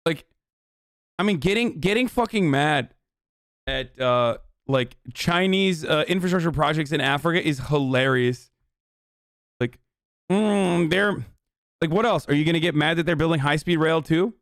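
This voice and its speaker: A man's voice: fairly high pitch, normal speed, a bit bright, dry recording, studio quality. A man in his thirties, a streamer giving heated, sarcastic political commentary, swearing often. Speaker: streamer reacting to a news clip.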